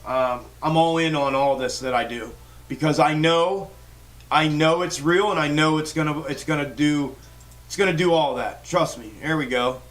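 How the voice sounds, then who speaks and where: A man's voice: a little high, moderate pace, a bit bright, recorded from a distance. A man hosting a stock trading livestream, ranting in a fired-up, profane way with lots of restarts. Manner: fired-up, swears constantly, rambling restarts. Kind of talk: profane live-stream rant.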